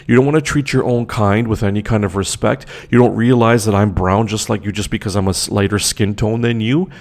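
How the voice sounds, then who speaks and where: A young man tells a personal story as an indignant, profane rant. He circles back and repeats his points. His voice sits low with a rough, gravelly fry. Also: fairly even intonation, brisk, a little mellow.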